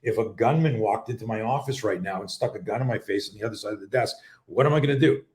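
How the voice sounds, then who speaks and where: A man's voice: lowish voice, fast, reverberant. A middle-aged man from Canada, a self-defense coach hosting a live talk show, telling rambling stories and swearing casually. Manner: animated, swearing, rambling storyteller. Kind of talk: casual live-stream storytelling. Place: home office.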